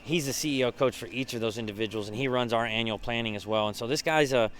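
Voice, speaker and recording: A man's voice: medium pitch, quick pace, fairly bright tone, slight background noise. A man who leads a business mastermind group, giving a casual behind-the-scenes recap, with lots of fillers and restarts.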